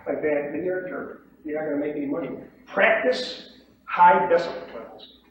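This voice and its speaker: Brief: male trading instructor, emphatic and repetitive, slightly higher voice, distant mic in a very echoey room. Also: moderate pace, dull audio. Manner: emphatic and repetitive, checks in with "okay?". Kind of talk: seminar lecture.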